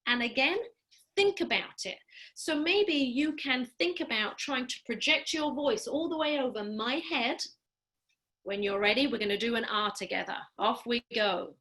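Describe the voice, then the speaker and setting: A woman speech-language pathologist leading an online group through voice exercises, upbeat and encouraging, with a clear, deliberate, coaching delivery over a video call. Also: fairly high pitch, bright, forceful tone. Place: home, during a live online program.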